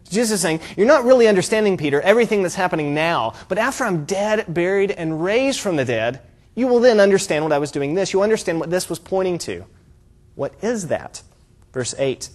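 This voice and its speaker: A male pastor delivering a sermon, his voice sitting fairly high for a man. He explains the passage earnestly and step by step, pressing on the points he wants the congregation to hear. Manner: earnest, explanatory preaching with emphatic rises.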